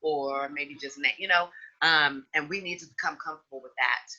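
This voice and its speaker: A woman hosting a podcast in casual chat, outspoken and frank, with an animated delivery. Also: low-pitched, moderate pace, highs cut off. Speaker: podcast host.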